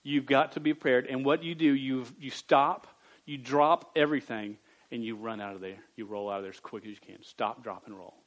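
A man preaching a sermon to young people, stammering at times and jumping from quiet reading to loud bursts. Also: medium pitch, fairly even intonation, a little fast, poor audio. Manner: stammers on words.

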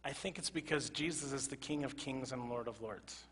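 A male pastor preaching a sermon to his congregation, moving from loud emphatic exclamations to quiet, earnest asides. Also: mid-range voice, moderate pace, slightly rough. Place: church sanctuary. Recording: reverberant church hall.

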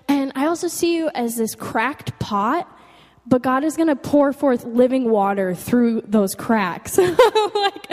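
A woman's voice: on the high side, animated, a little slow, a little mellow, in a large hall. A young woman sharing a personal testimony with an audience, earnest and emotional, often saying "like". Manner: earnest and emotional, with frequent "like" fillers. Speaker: speaker giving a testimony.

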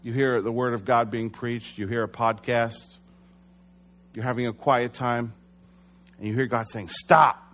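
A man's voice: mid-range voice, a bit bright. A young adult man preaching a sermon as pastor, earnest and conversational, sometimes correcting himself.

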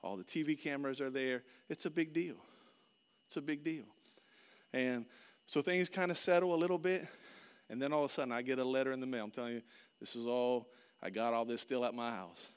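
A man preaching a sermon, telling a personal story with lively swings between loud outbursts and hushed, earnest passages. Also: mid-range voice, a little fast, smooth. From Florida. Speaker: pastor.

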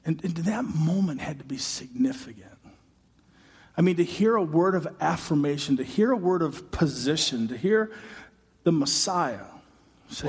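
A man with a high voice delivers a sermon from a church stage, retelling the story and slipping into its characters' voices. His words carry a long reverb from the hall around him. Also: expressive, moderate pace, husky. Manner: dramatic, acts out voices, builds to shouting. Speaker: pastor.

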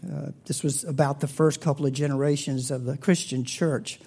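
A man preaching a sermon, telling a story with big swings in pitch and loudness and dropping to a breathy whisper at tender points. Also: steady tone, normal speed. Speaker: pastor.

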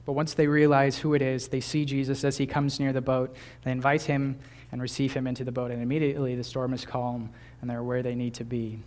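A man in his twenties delivers a sermon at a medium pitch. He talks in an easygoing, chatty way, breaking off to restart phrases and slipping in small laughs. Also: level tone, brisk, hardly any pauses, darkish tone. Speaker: pastor.

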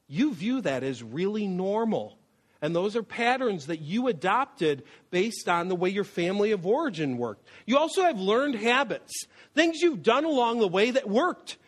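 A man preaching about anger in an animated, storytelling way, weaving in personal memories. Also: high-pitched. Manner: animated, storytelling, with acted quotes. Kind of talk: sermon on anger with personal stories.

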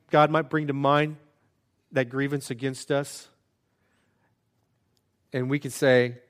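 Earnest, conversational male pastor preaching. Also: on the high side. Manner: earnest and conversational, with self-deprecating asides. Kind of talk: sermon.

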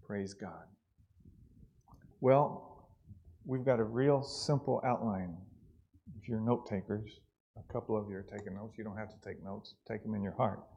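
A man preaching a sermon in church, earnest and repeating words for emphasis, swinging between soft and loud passages. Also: fairly low pitch, measured pace, gravelly, pauses often, slightly rough, highs cut off. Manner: earnest, repeats words, rises and falls in loudness.

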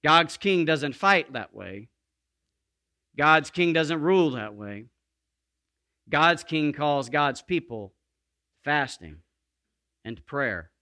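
A man preaching a sermon as pastor, emphatic, slowing down to stress key words, with playful asides and calls for the congregation to repeat after him. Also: a little high, animated, sharp tone.

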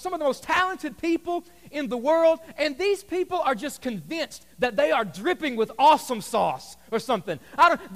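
A man with a very high voice preaches to his congregation. He talks in a loose, humorous, storytelling way. His words ring out with the long reverb of a large church hall. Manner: conversational, humorous, animated storytelling. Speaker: pastor. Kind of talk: sermon. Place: church sanctuary.

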